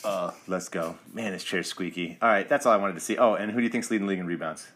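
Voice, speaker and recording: A man's voice: sits low, fast talker, a bit bright. A middle-aged man co-hosting a casual sports podcast, teasing and quizzing his co-host.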